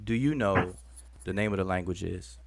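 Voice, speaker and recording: A man's voice: sits low, normal speed, creaky, noisy background. An American man hosting a live discussion, insistently pressing his point and cutting in with repeated "wait, wait". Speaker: host. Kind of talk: heated live debate.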